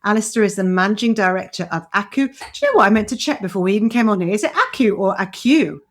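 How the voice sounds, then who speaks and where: A woman's voice: medium pitch, racing. A woman hosting an interview podcast, chatty and encouraging, with frequent fillers and restarts. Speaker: podcast host.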